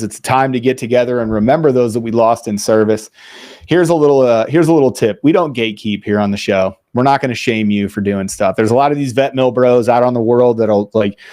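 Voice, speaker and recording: A man's voice: mid-range voice, a little mellow, no room sound, studio quality. Blunt profane man hosting a podcast. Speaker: podcast host. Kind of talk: casual veterans' podcast talk.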